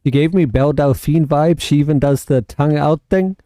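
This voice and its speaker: A South African man talks his way through a livestream, wandering from topic to topic and answering chat as it comes in. His voice sits a little high with a mellow, warm tone. The sound is dry and close, with no room around it. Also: a little fast, dry recording. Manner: rambling, chatty, reads and answers chat. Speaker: livestream host and gamer.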